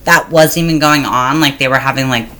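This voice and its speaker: A woman's voice: very deep voice, brisk, pushed and bright. A woman co-hosting a podcast, telling a story in a casual chat, blunt and profane and joking.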